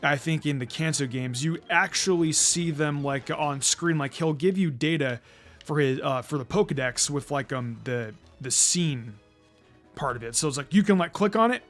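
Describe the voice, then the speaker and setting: A man's voice: fairly high pitch, normal speed, a bit bright, faint music behind. A young man giving casual let's-play commentary, rambling with many fillers and stumbling restarts. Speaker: gaming commentator.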